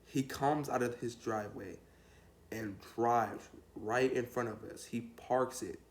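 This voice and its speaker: A man's voice: mid-range voice, measured pace, slight background noise. A young man telling a rambling, slangy story to his vlog viewers in a laid-back way. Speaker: storytime vlogger. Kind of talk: casual storytelling.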